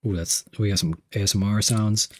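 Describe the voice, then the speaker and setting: A man's voice: lowish voice, steady tone, brisk, a little mellow, slight background noise. A young man streaming live, reading chat messages aloud and unboxing gifts, playful and repeating himself.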